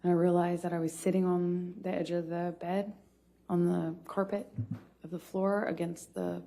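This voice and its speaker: A woman testifying as a witness in court, speaking haltingly with frequent pauses and restarts. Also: fairly low pitch, flat delivery, dark tone.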